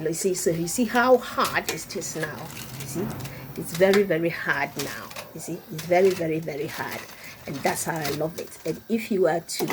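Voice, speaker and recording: A middle-aged woman from Ghana talks her viewers through a home-cooked meal in an unhurried, easygoing way. She chats and laughs as she works in her kitchen, with a faint hiss of noise behind her voice. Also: lowish voice. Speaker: cooking vlogger. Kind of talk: casual cooking demonstration.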